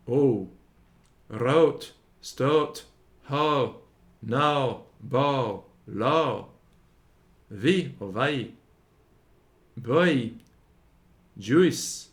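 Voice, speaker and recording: Man reading a grammar lesson aloud, unhurried, sounds out every example word one by one. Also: medium pitch. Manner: slow, deliberate, sounding out each example word.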